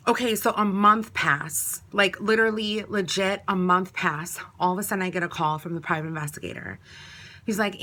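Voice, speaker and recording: A woman's voice: medium pitch, fairly quick, bright, forceful tone. A woman, telling a personal story in a casual, chatty way, full of "like" and acted-out quotes. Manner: chatty, many "like"s, acts out quoted talk.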